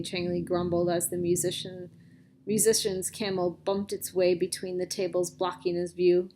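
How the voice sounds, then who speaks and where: A woman narrating a children's adventure story with clear, expressive reading. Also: on the low side, moderate pace, a little hiss or hum.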